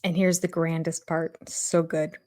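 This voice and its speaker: A woman's voice: sits low, level tone, measured pace, darkish tone. Sarcastic older woman commentator. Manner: sarcastic, amused, often laughing. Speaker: YouTube commentator. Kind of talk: reaction commentary.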